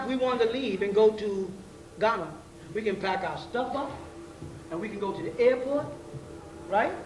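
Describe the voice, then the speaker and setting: Man, high voice, slangy lecturer quizzing his class; distant, roomy 90s tape with faint hiss. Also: fairly bright tone. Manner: conversational, keeps checking in with rhetorical questions; blunt street slang and profanity. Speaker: teacher leading a class. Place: class meeting room.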